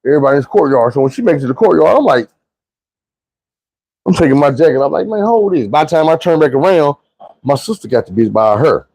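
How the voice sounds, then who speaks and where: A man's voice: on the high side, lively intonation, quick pace, gravelly, pauses often, darkish tone, dry recording, low-quality recording. A man telling a story in a casual, profane, slangy monologue, rambling loosely with frequent restarts.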